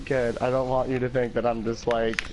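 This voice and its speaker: A man's voice: mid-range voice, little pitch movement, a little fast, a little hiss or hum, poor audio. An American man hosting a gaming livestream, rambling in casual chat, laughing often and cursing freely. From United States. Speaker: livestream host.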